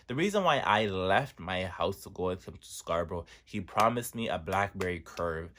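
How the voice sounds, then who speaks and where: A man's voice: normal speed, few pauses. A man in his twenties from Toronto, telling a dramatic storytime on his vlog. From Toronto, Canada. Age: 20s. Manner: animated, dramatic storyteller with big pitch swings. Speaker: vlogger.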